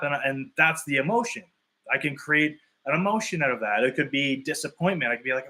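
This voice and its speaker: A man's voice: mid-range voice, lively intonation, fairly quick, pushed and bright. A man coaching clients on fitness and nutrition in a live talk. He explains his points through long hypothetical examples in a loose, conversational way. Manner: loose and conversational, thinking aloud.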